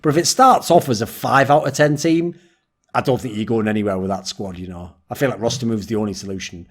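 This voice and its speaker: A man's voice: fairly low pitch, fast talker. A man hosting a casual esports round-table discussion, telling stories with boastful, swearing banter. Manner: animated storytelling with quoted voices.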